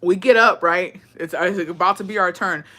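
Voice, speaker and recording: A woman telling a casual storytime, profane and animated, mixing in Spanish phrases and laughing often. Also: fairly low pitch, normal speed. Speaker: vlogger.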